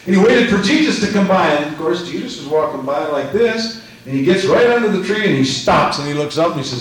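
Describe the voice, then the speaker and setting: A man preaching a rousing sermon in church, shouting rhetorical questions and acting out scripture. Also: on the high side, sing-song, fairly quick. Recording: echoey church from far off.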